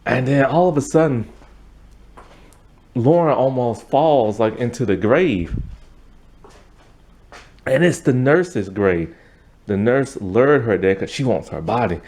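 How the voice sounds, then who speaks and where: A man's voice: mid-range voice, expressive, takes it slowly, pauses often, a little mellow. A man giving a casual, rambling spoken review of a TV episode, retelling the plot with many fillers.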